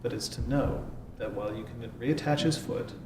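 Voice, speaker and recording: A man narrating a tabletop game as game master, measured and dry, pausing on fillers. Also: mid-range voice. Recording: echoey room with faint noise.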